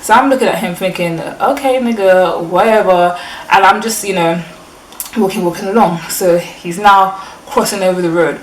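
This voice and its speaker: A young woman with a London accent telling a storytime vlog in a casual, slangy, animated way. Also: lowish voice, brisk, a little hiss or hum. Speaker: vlogger. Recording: echoey room, mic at a distance.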